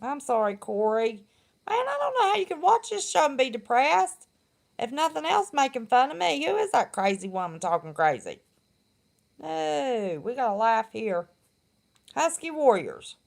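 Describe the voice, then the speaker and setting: A woman's voice: high voice, very animated, moderate pace, vocal fry. A middle-aged woman, chatting casually and bluntly on her live stream and laughing often. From West Virginia.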